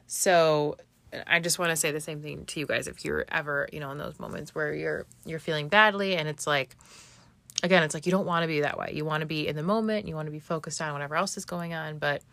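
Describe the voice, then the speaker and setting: A woman's voice: low voice, fairly even intonation, fast, creaky, a bit bright, no echo. A woman in her thirties, a mother, telling a heartfelt personal story in a chatty way, with many fillers and restarts. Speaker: vlogger, mother.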